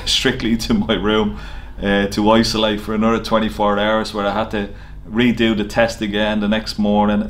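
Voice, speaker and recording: A man's voice: on the low side, slight background noise. A man, a snooker player, casually telling an anecdote to camera with lots of fillers and easy laughter. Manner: chatty storyteller, frequent fillers and laughs. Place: snooker venue.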